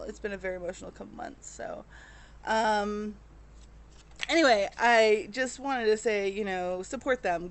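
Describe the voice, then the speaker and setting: Rambling, emotional woman vlogger. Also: mid-range voice. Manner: rambling, many fillers and restarts, emotional. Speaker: cross-stitch vlogger. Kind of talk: casual chat to camera.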